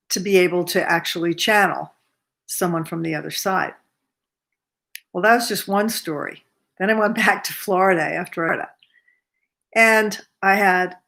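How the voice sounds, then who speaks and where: Slow-spoken woman in her seventies. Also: on the low side, creaky, fairly bright tone. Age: 70s. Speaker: massage therapist telling her story. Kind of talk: casual storytelling to camera. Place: cozy mountain home by a fireplace, indoors.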